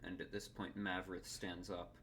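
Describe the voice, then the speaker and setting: A man narrating as dungeon master in a tabletop game, in a measured, deliberate way. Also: deep voice, flat delivery, a bit bright, a little hiss or hum.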